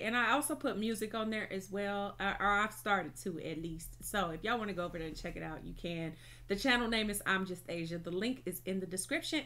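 A woman's voice: mid-range voice, sharp tone. A woman hosting a reaction vlog, chatting casually to camera and tagging "y'all" and "okay" onto her sentences. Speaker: reaction video host.

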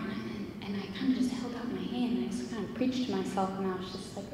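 A woman's voice: steady tone, fast, hardly any pauses. A young woman preaching an earnest sermon that builds to fervent appeals, recorded in a church. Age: young adult. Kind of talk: sermon with storytelling. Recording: echoey hall from far off, faint rumble.

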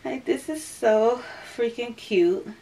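Slow, breathless young woman. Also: a little high, mellow. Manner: chatty, keeps calling the viewers y'all. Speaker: vlogger. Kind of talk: casual vlog chat to viewers. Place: at home.

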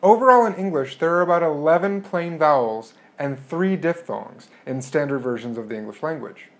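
Give me a man lecturing on vowels, clear and patient, a bit higher-pitched. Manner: clear and explanatory, modeling vowel sounds slowly. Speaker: linguistics lecturer. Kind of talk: recorded lecture.

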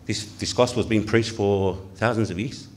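A man's voice: fairly low pitch, fairly even intonation, normal speed, a little mellow. A male pastor from Tonga preaching a sermon in a church, earnest, putting questions to the congregation.

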